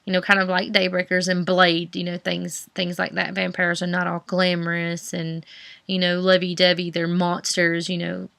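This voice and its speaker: A woman's voice: lowish voice, completely flat delivery, moderate pace, creaky, fairly bright tone, no echo. A young woman with a Southern US accent, chatting casually about books on her vlog, rambling with many fillers and restarts. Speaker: book vlogger. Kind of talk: casual chat.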